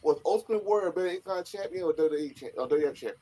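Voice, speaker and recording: A man on a podcast in casual chat, excitable and loud, who often acts out other people's lines. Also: a little high, rapid-fire, a little hiss or hum, rough recording. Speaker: podcast co-host.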